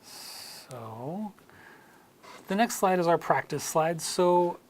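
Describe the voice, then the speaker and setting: This is an unhurried American-accented teacher explaining pronunciation point by point. The voice sits at a middling pitch and lingers on every word. Example words are modelled carefully, some of them in a soft whisper. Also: expressive, background noise. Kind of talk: slide-based lesson.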